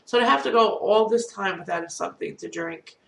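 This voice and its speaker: A woman's voice: medium pitch, a little fast, creaky, fairly bright tone. A middle-aged woman with a cold, telling a rambling, candid, self-deprecating story to camera as a vlogger. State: has a cold. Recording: roomy echo, distant from mic.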